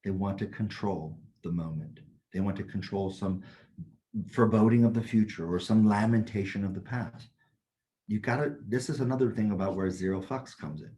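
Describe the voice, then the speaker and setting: A man with a fairly low, mellow voice co-hosts a casual podcast chat as a Taoist teacher, speaking at a moderate pace. He's blunt, swears freely, and tells stories with energy.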